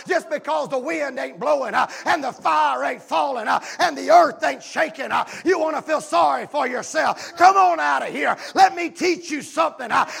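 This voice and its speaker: A man pastor preaching a sermon, filling pauses with "uh" and swinging from shouting to near whispers. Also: extremely high pitch, creaky, a little hiss or hum. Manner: shouting preacher with many "uh" fillers, swings from yelling to hushed.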